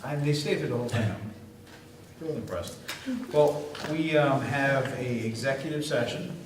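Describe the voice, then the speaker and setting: A man's voice: medium pitch, a little slow. A man chairing a school board meeting, running the agenda with dry, joking asides. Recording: echoey room, distant mic, noisy.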